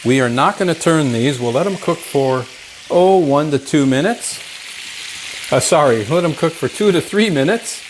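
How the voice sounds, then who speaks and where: A man's voice: a little high, lively intonation, moderate pace. A man hosting a home cooking show, enthusiastic and chatty, calling the viewers folks as he cooks in his kitchen. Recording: clear background frying noise. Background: sizzling pan.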